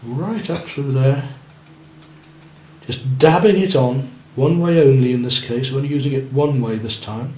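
A little slow, mid-range, and darkish in tone, this man's voice guides beginning painters through a lesson while he works. He encourages the class and checks their work. It's recorded in a roomy room with faint noise.

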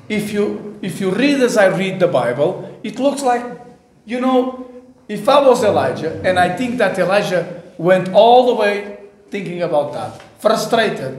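High-voiced preacher man, echoey church. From South Africa. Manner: animated preaching, acts out voices. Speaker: pastor. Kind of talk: sermon. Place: church during service.

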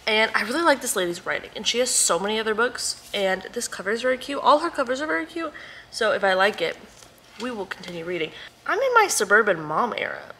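A young woman from Texas, chatting casually to camera as a book vlogger at home, bubbly and talkative with quiet whispered asides. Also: medium pitch, slight background noise. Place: at home indoors.

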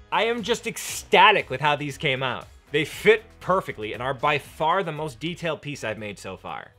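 Young male craft host, enthusiastic and slangy, lively pitch. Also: moderate pace, faint music behind. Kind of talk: narrated leathercraft tutorial.

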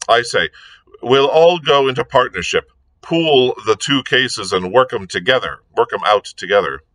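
A man reading aloud and voicing a jaunty, excitable aristocratic gentleman detective, full of exclamatory upper-class banter. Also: mid-range voice, no echo, full character voice, poor audio. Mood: gleeful. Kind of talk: read-aloud novel dialogue.

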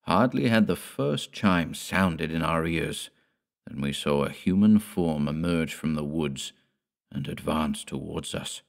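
A man reads a gothic horror tale aloud with measured, deliberate delivery. His voice sits very low. He tells it as a classic audiobook storyteller. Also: animated, vocal fry. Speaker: audiobook narrator.

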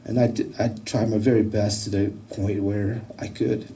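A man giving a personal testimony, telling his story in a halting, emotional way with many restarts. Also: on the low side, level tone, warm tone, distant mic, low-quality recording. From United States. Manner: halting, repeats words, emotional.

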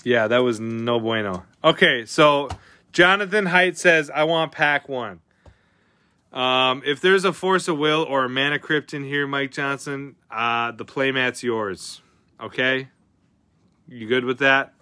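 A man hosting a live card-opening stream, chatting casually with viewers, excitable and often swearing as he reacts to each pull. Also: mid-range voice, unhurried, smooth, dry recording.

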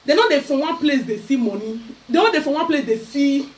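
Loud Nigerian woman ranting, high and lively. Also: brisk. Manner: loud, mocking, switching into Pidgin. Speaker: vlogger. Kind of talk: ranting to camera. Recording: voice a bit far from the mic.

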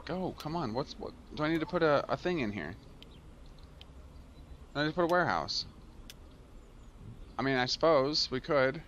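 This man's voice sits on the high side, slightly bright, with lively intonation at a normal speed and frequent pauses. He hosts a gaming channel and narrates a transport tycoon let's-play casually, scolding the game aloud whenever it misbehaves. The sound is lo-fi with faint hiss or hum.

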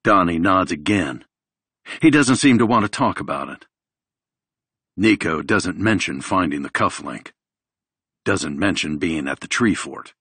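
A man reading a thriller audiobook in a measured, even delivery. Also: low voice, breathy edge, no echo. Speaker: audiobook narrator. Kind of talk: scripted audiobook narration.

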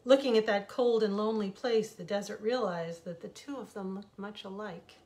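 A woman author reading her own fables aloud, expressive and reflective. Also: medium pitch, normal speed. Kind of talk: storybook reading.

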